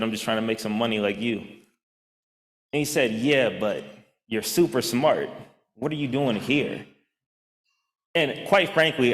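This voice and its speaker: Young man, keynote speaker, mid-pitch, animated storyteller recorded in a large reverberant hall. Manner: animated storyteller, acts out quoted lines, frequent fillers. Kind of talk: personal storytelling speech.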